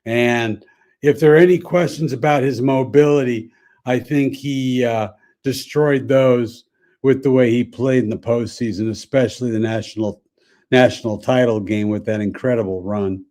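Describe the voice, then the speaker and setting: A man's voice: mid-range voice, fairly even intonation, normal speed, a little mellow. A man talks sports as a columnist guest on a radio show. He sounds easygoing and sure of his opinions. His voice sits in an ordinary middle range. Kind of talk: casual sports radio chat.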